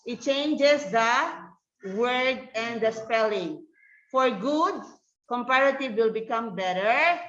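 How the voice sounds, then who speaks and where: A woman teaching an English grammar lesson, speaking slowly and patiently and checking again and again that the class follows. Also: a little high, expressive, a bit bright. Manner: slow, repetitive, checks understanding with "okay?". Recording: dull roomy classroom recording.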